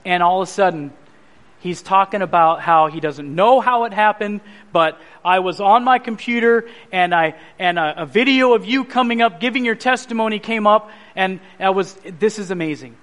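A man preaching a sermon, telling his personal testimony as an animated story and acting out the voices of others. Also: high-pitched, normal speed.

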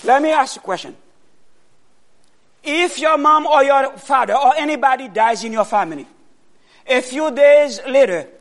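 A man preaches a sermon, posing questions to the congregation and answering them himself, with loud bursts of emphasis. His voice is very high.

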